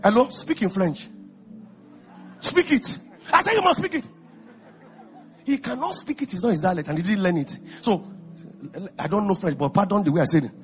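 A Nigerian man from Ekiti preaching an exuberant sermon, calling out to the congregation and often shouting. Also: high voice, expressive, moderate pace, long pauses, soft background music, a faint crowd. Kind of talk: lively sermon.

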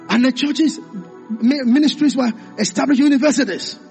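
A man preaching a sermon, calling out to the congregation and rising into impassioned shouts. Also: very high voice, moderate pace, vocal fry, soft background music.

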